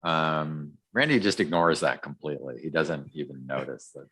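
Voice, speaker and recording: This man's voice sits extremely low yet carries a fairly bright, slightly rough tone, and he moves at a moderate pace. Co-hosting a podcast on a podcast microphone, he chats loosely through a comic recap, full of ums and false starts.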